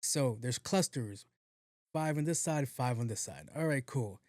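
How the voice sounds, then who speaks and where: A young man hosting a podcast, telling a comic story in an animated, profane way and acting out voices. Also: mid-range voice, unhurried, no echo, clean studio sound. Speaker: podcast host. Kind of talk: comedic storytelling.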